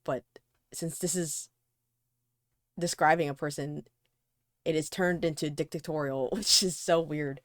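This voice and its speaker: Giggly woman reading a book out loud, kinda low pitched, no room echo. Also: fairly even intonation, measured pace, long pauses, clean studio sound. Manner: giggly, reads long passages. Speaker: book club reader. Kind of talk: casual read-aloud and chat.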